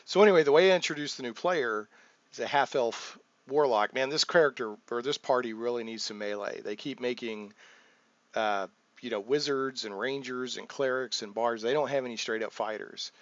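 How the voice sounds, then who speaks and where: A man's voice: mid-range voice, moderate pace, dry recording. A man who runs a tabletop game, chatting loosely about his sessions with lots of restarts and fillers. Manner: rambling, full of restarts and fillers, acts out players' lines. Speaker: game master, channel host. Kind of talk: casual talk about running a tabletop game. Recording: dull muffled sound, dry.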